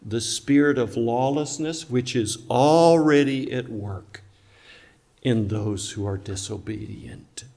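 A man's voice: mid-range voice, takes it slowly, creaky, mellow. Emphatic man preaching to a congregation. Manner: emphatic, rhetorical questions, talks with congregation. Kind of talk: sermon. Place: church.

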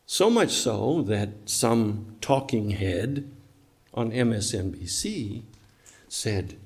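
A man's voice: lowish voice, animated, takes it slowly. Guy preaching in church, punchy, fires off questions, chats with the folks in the pews. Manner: emphatic, rhetorical questions, talks with congregation. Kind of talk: sermon.

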